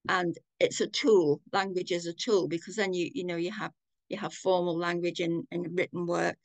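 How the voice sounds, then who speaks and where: An older woman with a Manchester accent, giving a thoughtful, measured personal account on a video call. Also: on the low side, fairly even intonation, no echo. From England. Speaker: community participant.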